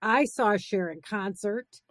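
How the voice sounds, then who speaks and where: A woman's voice: mid-range voice, slow pace, dry recording, studio quality. A woman co-hosting a podcast, enthusiastic and full of praise in casual chat. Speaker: podcast co-host.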